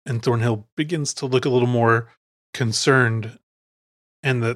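A man's voice: mid-range voice, no echo. Rich: A man hosting a podcast in a casual, digressive chat, walking through scenes of a film with side tangents. His voice sits mid-range and is recorded close and dry. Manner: chatty and digressive, recounts scenes. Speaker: podcast host.

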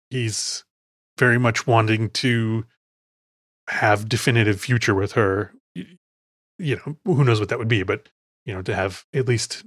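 A man's voice: lowish voice, no echo, clean studio sound. Chatty man recounting film scenes. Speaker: podcast host. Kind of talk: casual film discussion.

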